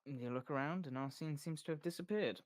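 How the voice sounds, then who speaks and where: A game master narrating a tabletop game in a calm, wry manner. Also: mid-range voice, a little fast, no echo.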